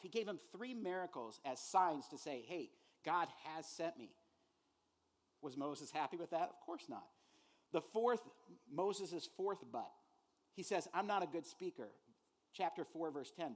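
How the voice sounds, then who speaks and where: A man preaching a sermon as pastor, animated and conversational, acting out quoted voices and using many fillers. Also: a little high.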